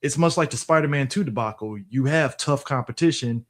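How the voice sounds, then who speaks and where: A man co-hosting a casual gaming podcast in a relaxed, conversational way, with frequent fillers. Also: medium pitch, brisk. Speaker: podcast co-host. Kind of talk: casual chat.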